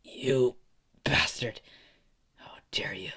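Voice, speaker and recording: Rich: a man voices a defiant teenage boy hero from a homemade story. His lines come strained and breathless, protective and stubborn. The delivery stays slow. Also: on the low side, steady tone, creaky, a bit bright, exaggerated voice.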